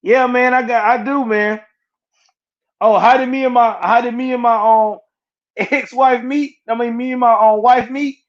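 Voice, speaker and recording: A man in his thirties telling a personal story in casual chat, halting and repeating words as he goes. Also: very high-pitched, fairly even intonation. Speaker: interview guest. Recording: muffled lo-fi audio.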